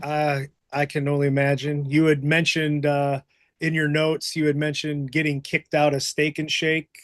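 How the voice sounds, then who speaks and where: A man's voice: on the high side, little pitch movement, normal speed, a bit bright, no echo, clean studio sound. A man hosting a podcast, chatting casually and rambling with lots of fillers. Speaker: podcast host. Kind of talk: casual chat.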